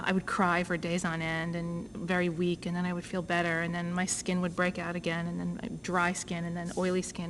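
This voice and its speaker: A woman speaks to a conference crowd in a fairly low voice, telling her own story in a lively way. She acts out both sides of each exchange as she goes. A faint hiss sits under her words. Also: rough recording. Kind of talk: personal story told to an audience. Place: conference talk.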